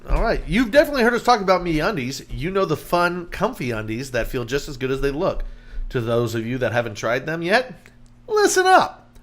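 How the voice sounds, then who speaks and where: A man's voice: a little high, big pitch swings, a little fast, a bit bright. Giggly man reading a sponsor spot. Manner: joking, breaks up laughing while reading. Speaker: podcast co-host. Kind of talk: casual ad read.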